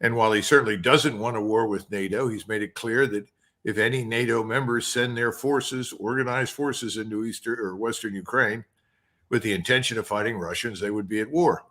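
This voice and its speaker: A man's voice: on the low side, fairly even intonation, brisk, a bit bright. A man, a retired army colonel, bluntly giving his analysis as an interview guest. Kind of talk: interview commentary.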